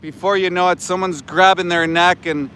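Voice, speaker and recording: The roadside livestream comes from a middle-aged animal rights activist whose voice is high-pitched, bright, forceful and steady in tone. He speaks at a moderate pace with blunt, profane indignation over a little hiss or hum.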